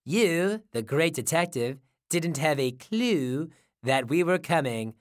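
A woman voicing a theatrical, excitable girl with a strange laugh in a storybook reading. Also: sits low, slow pace. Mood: showy.

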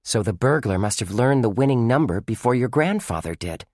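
A man's voice: mid-range voice, lively intonation, brisk, a little mellow, no echo, clean studio sound, voice pushed up, lightly acted. Man voicing a matter-of-fact girl. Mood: reasoning. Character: thoughtful girl reasoning aloud.

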